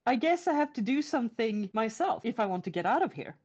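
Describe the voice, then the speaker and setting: A woman's voice: a little high, big pitch swings, quick pace, a little mellow. A woman voicing an earnest young male prisoner who pleads with a king for his freedom. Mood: resigned. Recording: lo-fi podcast audio.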